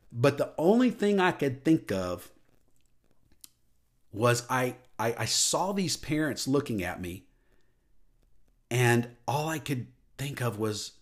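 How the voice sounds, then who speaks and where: A man giving a personal testimony into a microphone, telling a story earnestly and dropping soft and low at emotional moments. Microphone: studio microphone.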